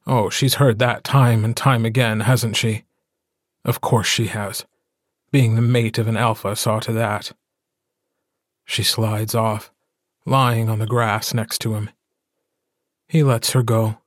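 Slow, husky male audiobook narrator. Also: fairly low pitch, flat delivery, dry recording, clean studio sound. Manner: slow, measured, intimate. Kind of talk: scripted narration.

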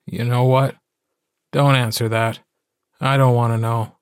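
Narrator doing a squeamish young dude, exasperated, slowish. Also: male voice, medium pitch, level tone, clean tone, dry recording, studio quality, close to an everyday voice.

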